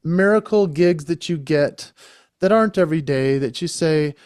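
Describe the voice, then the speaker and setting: Animated storyteller man, dry close sound. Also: a little high, normal speed, smooth, no echo. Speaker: guest, entertainer and speaker. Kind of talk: casual storytelling interview.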